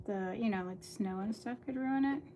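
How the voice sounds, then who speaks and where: A woman's voice: medium pitch, moderate pace, dark tone, slight background noise. A middle-aged woman chatting casually to viewers on a livestream while she crafts, rambling from one thought to the next.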